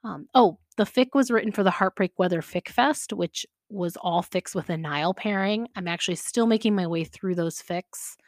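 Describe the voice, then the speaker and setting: Chatty podcast lady, kinda low voice, laughs a lot, dry close sound. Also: normal speed, hardly any pauses, dry recording. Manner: chatty, laughs often, many fillers. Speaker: podcast host. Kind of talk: casual chat about fan fiction.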